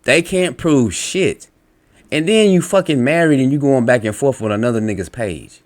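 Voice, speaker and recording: A man's voice: mid-range voice, lively intonation, moderate pace. A man reacting to online comments in an angry, profane rant, lecturing bluntly and combatively. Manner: lectures while reading out comments. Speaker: religious commentator.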